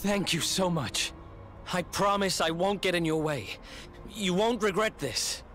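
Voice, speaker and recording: A young thief from a video game who has lost his memory, stammering and apologizing in a high voice. Loud game music plays behind him as he pleads. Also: measured pace. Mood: grateful.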